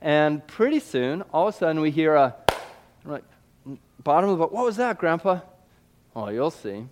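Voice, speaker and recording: A man from Missouri telling a lively personal story in a sermon, acting out sound effects and voices. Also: a little high, fairly quick, slight background noise.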